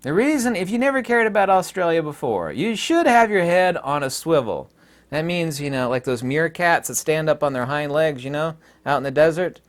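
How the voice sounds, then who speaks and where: A man's voice: on the high side, lively intonation, moderate pace. A man from the United States talking straight to his viewers in an emphatic, ranting monologue. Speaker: vlogger. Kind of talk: casual monologue to camera.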